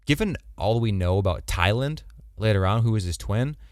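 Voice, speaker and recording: A man co-hosting a podcast, chatting casually and animatedly, swearing and slipping into quick mock voices. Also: lowish voice, lively intonation, no room sound, studio quality. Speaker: podcast co-host. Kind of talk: casual chat.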